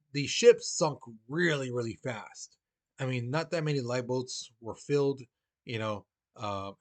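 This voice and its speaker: A man teaching history in a relaxed, chatty way, his voice sitting at an ordinary middle pitch. He explains as if talking straight to his class and slips into quick acted-out voices for the people he quotes. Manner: casual and conversational, acts out quoted voices. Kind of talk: recorded history lesson.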